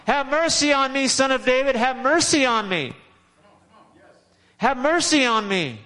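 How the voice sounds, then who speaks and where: A man voicing a blind male beggar who shouts and pleads insistently for mercy. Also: high-pitched, sing-song, unhurried, long reverb tail, voice pushed up, heavily acted. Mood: desperate pleading.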